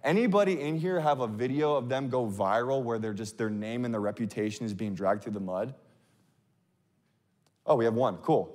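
A man's voice: mid-range voice, expressive, a little fast. A male pastor delivering a sermon in a candid, conversational storytelling manner, with casual fillers and personal stories. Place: large church sanctuary. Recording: long reverb of a large hall.

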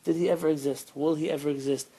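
A man, a rabbi, teaching an informal Torah class, telling stories with lively bursts of emphasis and sprinkling Hebrew terms into his English. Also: fairly high pitch, quick pace, a little hiss or hum, low-quality recording. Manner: animated storytelling, rising loud when quoting.

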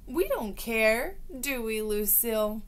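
A woman's voice: on the high side, big pitch swings, takes it slowly. A woman voicing a bossy, scolding little girl classmate in an audiobook.

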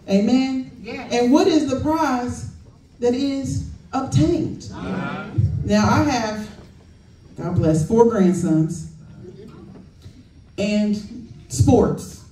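A woman's voice: fairly high pitch, very slow, long pauses, mellow. An older woman minister preaching a sermon, emotional, leading the congregation in call and response. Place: church sanctuary. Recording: echoey church hall from far off.

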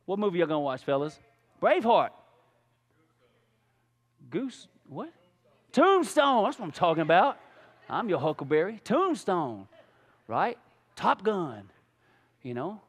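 A man preaching a sermon as pastor, animated and casual, full of rhetorical questions. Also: sits high, slow, pauses often, in a large hall. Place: church sanctuary.

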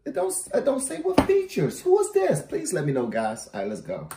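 A host reacting to a rap song in casual commentary, who talks in an animated, slangy way and repeats phrases. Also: mid-range voice, brisk, background noise. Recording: roomy echo.

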